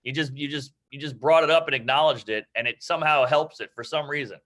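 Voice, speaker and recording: Brash, bright-voiced comedian man. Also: mid-range voice. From New York. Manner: brash, rapid, profane and self-mocking. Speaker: guest comedian. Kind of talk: casual advice in an online comedy class.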